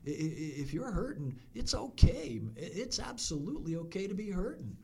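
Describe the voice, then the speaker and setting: A man's voice: high voice, sing-song, creaky, a little mellow, slightly rough. A man who serves as a fire chief, speaking reflectively as a podcast guest and often restarting his words. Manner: reflective, halting, with many restarts. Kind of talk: casual podcast conversation.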